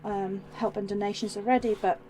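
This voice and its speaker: A woman's voice: medium pitch, steady tone, a little fast, heavy background noise. A woman hosting a live craft demo, chatting in a rambling way with many ums and restarts, reading out viewer comments as she works. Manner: reads viewer comments aloud while working.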